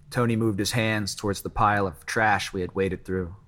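A man narrating a first-person story in a measured, even reading. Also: fairly low pitch.

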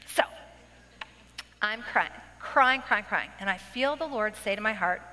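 A woman in her forties giving her testimony in a church, telling her story with big animated swings. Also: mid-range voice, a little slow. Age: 40s. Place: church worship center. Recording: long hall reverb.

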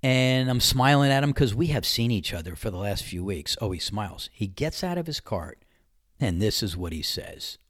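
A man's voice: fairly low pitch, normal speed, no room sound, clean studio sound. Conversational man telling a golf story. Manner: animated anecdote-telling, acts out dialogue; candid and conversational, mild swearing. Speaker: podcast host. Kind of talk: casual storytelling monologue.

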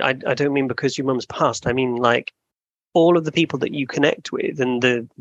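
A male podcast host talking in a reflective, halting way, often restarting his sentences. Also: mid-range voice, vocal fry, dry recording, dull audio. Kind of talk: casual conversation.

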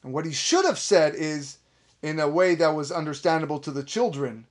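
Male rabbi, sermon delivery, high-pitched voice, impassioned and emphatic, Hebrew phrases woven in. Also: lively intonation, moderate pace. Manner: impassioned preaching, rising to emphatic high peaks.

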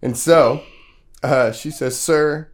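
A man's voice: medium pitch, unhurried. Man, casual storyteller, talking to kids, quizzes them as he goes, lots of fillers, mid-range voice. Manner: casual, asks the kids questions; loose storytelling with many fillers. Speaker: podcast host. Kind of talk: retelling a Bible story to children.

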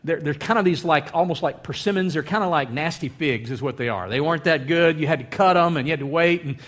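A man preaching a sermon, animated, acting out the voices of the crowd. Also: a little high, quick pace. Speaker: pastor.

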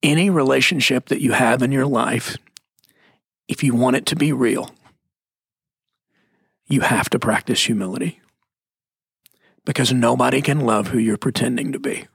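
Gravelly man preaching in casual talk. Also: mid-range voice, dry recording, studio quality. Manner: emphatic, preachy, drops into slow stressed phrases. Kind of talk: conversational Christian teaching.

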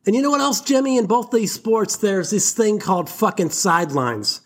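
A man with a notably high-pitched voice hosts his own comedy podcast alone. He talks in a swaggering, mock-indignant way, swearing freely and puffing himself up as he rants. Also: lively intonation, moderate pace. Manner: mock-indignant, profane, boastful. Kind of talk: solo comedy podcast rant.

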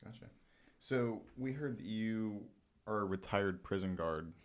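Male interviewer, very low pitch, brief prompts. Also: measured pace. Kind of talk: interview questions.

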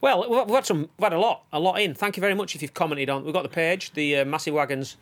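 Brief: male podcast co-host, rapid rambling banter, frequent laughs. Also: fairly high pitch, a bit bright. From England. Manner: jokey, laughs often, rambling. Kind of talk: casual chat. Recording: noisy room with a train passing outside.

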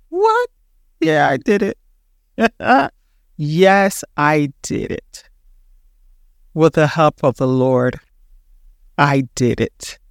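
A Panamanian-accented woman in her sixties delivers a motivational podcast talk. She presses her points home and repeats them for emphasis. Her voice is smooth and resonant, recorded dry and close. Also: on the low side, no echo. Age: 60s. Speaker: podcast host.

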